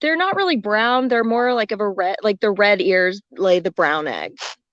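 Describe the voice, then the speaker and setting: A woman's voice: medium pitch, expressive, normal speed, a bit bright, dry recording, lo-fi sound. A woman guest talking casually from outdoors near chickens over a video call, giving plain, brief answers. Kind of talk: casual chat.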